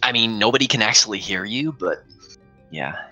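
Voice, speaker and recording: Man, young adult, slightly low pitch, bright tone, casual joking speedrun commentary. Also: expressive, moderate pace, rough recording. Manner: joking, rambling, reads chat aloud. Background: faint game music.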